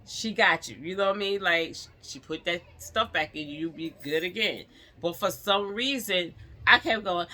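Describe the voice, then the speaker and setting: Woman vlogger, casual storytelling to camera; lively, bright-toned delivery. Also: medium pitch, normal speed. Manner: animated, chatty, laughs often, addresses viewers directly.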